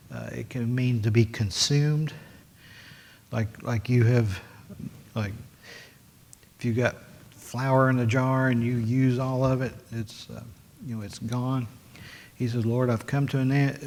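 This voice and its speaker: Man teaching a Bible lesson. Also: mid-range voice. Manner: plain conversational teaching with many fillers and restarts. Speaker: Sunday school teacher. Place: church classroom.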